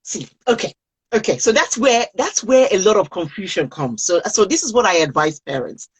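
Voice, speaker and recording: Husky woman giving parenting advice. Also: mid-range voice, expressive, moderate pace, low-quality recording. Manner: earnest, repeats phrases for emphasis. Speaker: parenting coach guest. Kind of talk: advice on a live video call. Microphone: video call.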